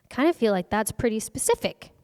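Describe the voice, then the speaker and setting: A woman's voice: fairly high pitch, sing-song, fast talker, a little mellow. Earnest woman speaking in a reverberant hall. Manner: earnest, conversational, asks the audience questions. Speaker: workshop speaker. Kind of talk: faith-based workshop talk. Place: event hall.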